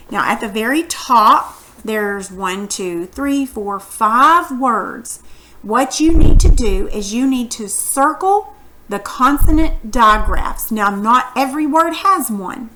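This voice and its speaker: Woman teacher, bright and a bit high, patient questioning lesson style. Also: animated, takes it slowly. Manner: patient, encouraging, asks questions. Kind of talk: recorded phonics lesson for students.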